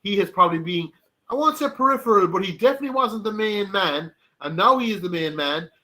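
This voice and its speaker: A man's voice: sits high, lively intonation, quick pace, pushed and bright. A man guest in a casual chat, rambling with many restarts. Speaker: podcast guest.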